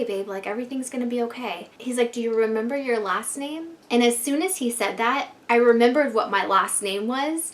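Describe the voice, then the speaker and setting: A woman in her thirties telling a storytime vlog to her viewers in a casual, swearing way, filling her talk with "like". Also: medium pitch. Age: 30s. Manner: casual, fills every phrase with "like" and swears freely. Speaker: vlogger.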